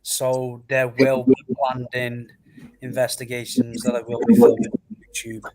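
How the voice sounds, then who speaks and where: A man's voice: medium pitch, sing-song, moderate pace, gravelly, crowd noise, low-quality recording. Laid-back man co-hosting. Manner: laid-back, self-mocking. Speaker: co-host, paranormal investigator. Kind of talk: casual chat.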